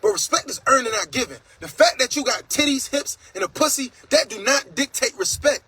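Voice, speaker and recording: A man's voice: extremely high pitch, animated, a little fast, pushed and bright, slightly rough, no echo, rough recording. A man hosting a casual livestream monologue, talking in a blunt, profane and preachy way, reading out viewer comments. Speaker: host.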